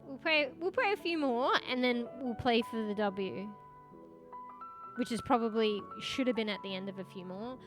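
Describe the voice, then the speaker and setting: A woman streaming a game, giving live commentary, cursing often and shouting callouts to teammates. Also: medium pitch. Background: background music.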